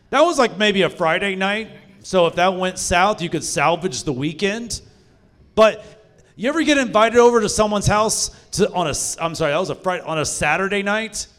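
A man's voice: high-pitched, fairly bright tone. A young man doing a stand-up set in a comedy club, profane and self-mocking as he tells stories. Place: live comedy club stage.

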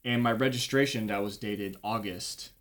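A man's voice: on the low side, steady tone, normal speed, fairly bright tone. Profane young man spinning a story. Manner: profane, laid-back storytelling. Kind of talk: casual anecdote.

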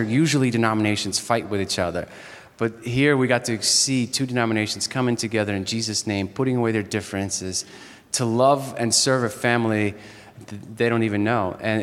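A man's voice: mid-range voice, fairly bright tone. A man in his thirties from Ukraine with a Southern US accent, giving a chapel sermon in a joking, storytelling way. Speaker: chapel speaker. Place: university chapel. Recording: echoey hall.

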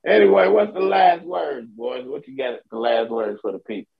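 A man co-hosting a podcast, ranting and mocking loudly in profane casual chat. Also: mid-range voice, sing-song, normal speed, gravelly. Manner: loud, ranting, mocking, laughs a lot. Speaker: podcast co-host. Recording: dull lo-fi sound.

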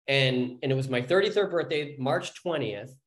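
A man in his forties, a podcast guest, telling a personal story in a rambling way, often restarting his sentences and growing animated as he goes. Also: mid-range voice, moderate pace. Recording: echoey room.

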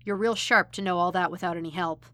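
A woman voicing a sly, gruff old blind man who drawls and smirks. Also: on the low side, fairly even intonation, quick pace, a bit bright, dry recording, close to an everyday voice. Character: old blind male mentor, sly and menacing.

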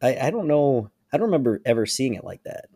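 A man's voice: medium pitch, fast talker, husky, no echo, clean studio sound. A man co-hosting a podcast, animatedly retelling a story in casual chat. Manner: animated retelling with frequent laughs. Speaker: podcast co-host.

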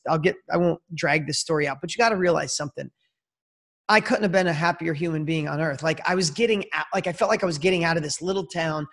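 A man in his fifties, a podcast guest, telling a personal story in an energetic, slangy way and talking straight to the host. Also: a little high. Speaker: interview guest. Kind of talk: casual storytelling.

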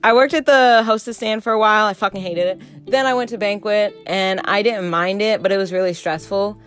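A young woman from the American South talks casually about her past jobs, blunt and unfiltered, swearing freely. Her voice sits at an ordinary middle pitch, and she slips into little impressions of the people she describes. Soft music plays faintly underneath. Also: steady tone, a little fast. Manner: blunt, profane, candid; acts out quoted customers and coworkers. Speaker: vlogger. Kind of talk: casual storytime monologue.

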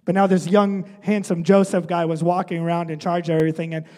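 Pastor guy, pretty high voice, chatty sermon, lots of "right?", big echoey church hall. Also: level tone, fast, darkish tone. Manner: conversational, often adds "right?".

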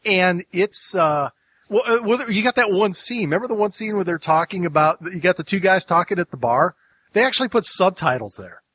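A man's voice: high-pitched, lively intonation, brisk, a bit bright, breathy edge, no room sound. A man from the United States hosting a podcast, chatting casually in a rambling way with many restarts. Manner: rambling, lots of restarts and asides. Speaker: podcast host.

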